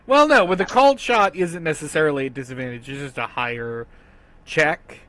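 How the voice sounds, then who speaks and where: A man's voice: a little high, normal speed, fairly bright tone, dry recording. A man narrating a tabletop game as game master, easygoing and hesitant, laughing often.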